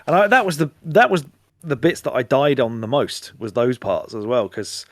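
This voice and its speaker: A man's voice: medium pitch, animated, moderate pace, no room sound, studio quality. A man co-hosting a podcast in casual chat, wry and complaining. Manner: wry, complaining, acts out inner thoughts in quotes. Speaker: podcast co-host.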